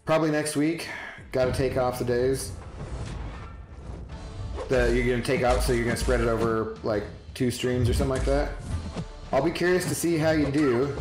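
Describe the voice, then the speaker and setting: A man's voice: mid-range voice, normal speed, long pauses. Rambling male streamer, roomy sound. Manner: rambling, chatty, answers chat by name. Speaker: game streamer. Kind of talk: casual live-stream chat. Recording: roomy, with background music.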